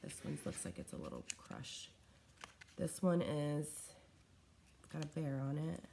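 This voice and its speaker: A woman's voice: sits low, huge pitch swings, slow pace, creaky, warm tone, a little hiss or hum. A woman vlogger chatting casually while unboxing fan mail at home, scattered and gushing, unwell and coughing, a little short of breath. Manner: chatty and scattered, gushing over small items. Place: at home in her living room.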